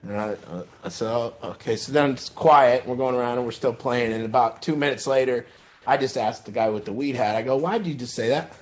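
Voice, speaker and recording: A man telling a long personal story in a casual, rambling way, with many fillers and restarts, putting on a higher voice for quoted lines. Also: fairly quick. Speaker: group speaker telling a story.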